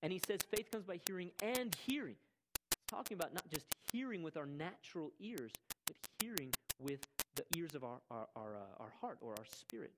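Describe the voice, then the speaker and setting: A man's voice: on the high side, sing-song, brisk, heavy background noise. A man preaching a sermon, emphatic, repeating key words and checking in with "right?". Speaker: pastor. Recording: loud music behind voice.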